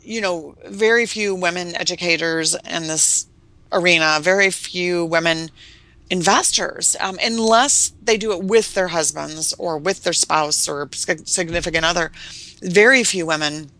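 A middle-aged woman talking as a real estate investor guest, telling stories and acting out quoted voices. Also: unhurried. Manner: animated storyteller, acts out quoted voices in a high sweet tone. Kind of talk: casual interview chat.

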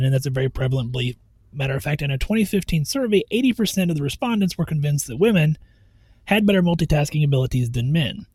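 A man co-hosting a podcast, casually chatting and reading out study findings in a steady, matter-of-fact way. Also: a little high, no room sound. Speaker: podcast co-host.

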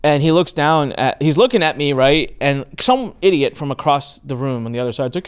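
A man in his forties hosting a podcast, telling stories with lively acted-out quotes. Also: on the high side, brisk, hardly any pauses, clean tone. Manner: animated storyteller, acts out quoted voices. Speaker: podcast host. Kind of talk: casual interview intro.

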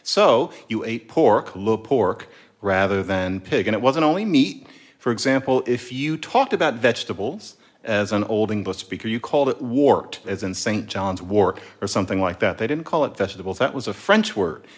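A man, a linguist guest, explaining word histories in a playful, lively way during a casual chat. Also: on the low side, normal speed.

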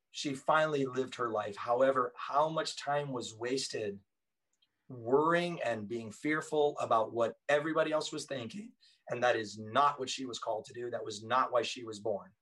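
An earnest man tells stories as a guest in a relaxed conversation. His voice is mid-pitched and sits a little back from the mic. He talks with emphatic conviction. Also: moderate pace, far from the mic, rough recording. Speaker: podcast guest, author and former police officer. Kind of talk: casual storytelling conversation.

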